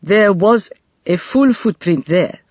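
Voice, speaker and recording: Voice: mid-range voice, animated, takes it slowly, a little mellow, no room sound, muffled recording, voice pushed up. A narrator voicing a reserved male police inspector with a clipped English accent in an audiobook.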